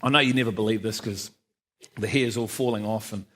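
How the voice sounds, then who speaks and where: A man's voice: fairly low pitch, fairly even intonation, brisk, fairly bright tone. A middle-aged man gives his personal testimony in church, telling it as a self-deprecating story and acting out the lines of the people in it. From New Zealand. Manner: self-deprecating storyteller, laughs often, acts out quoted dialogue. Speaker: church speaker giving testimony. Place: church service.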